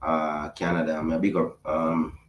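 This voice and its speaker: Laid-back deep-voiced man from Panama. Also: monotone, normal speed, reverberant. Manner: laid-back, talks in slang, lots of fillers. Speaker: radio co-host. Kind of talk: casual radio chat.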